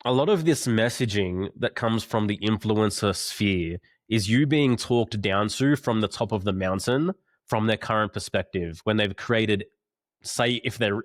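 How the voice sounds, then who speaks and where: A man with a low voice chats as a guest on a podcast. He talks earnestly and circles back to restate his point. The sound is dry and close, with no room echo. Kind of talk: casual podcast conversation.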